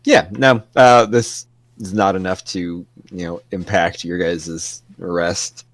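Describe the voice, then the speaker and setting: A man's voice: low-pitched, fairly even intonation, slow, no room sound. A man running a tabletop game as game master, narrating casually with loose, rambling descriptions and frequent laughs.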